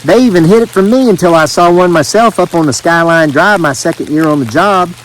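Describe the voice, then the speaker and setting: Gruff Appalachian lawman, blunt drawl, voice slightly high, as a storyteller puts him on. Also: brisk, close to an everyday voice, poor audio. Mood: matter-of-fact. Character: gruff male law officer, blunt and plainspoken.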